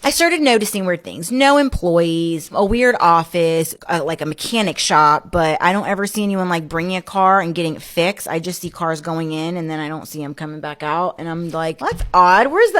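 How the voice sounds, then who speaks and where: A woman guest in a casual interview, telling her story in an animated way, acting out what others said and often saying "like". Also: on the low side. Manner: animated, acts out quoted speech; frequent filler "like".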